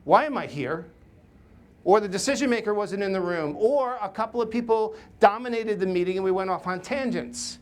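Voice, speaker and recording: A middle-aged man, a podcast host and workplace coach, tells stories in an emphatic, animated way, full of fillers and tag questions. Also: high voice, moderate pace. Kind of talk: podcast intro and recorded workshop talk.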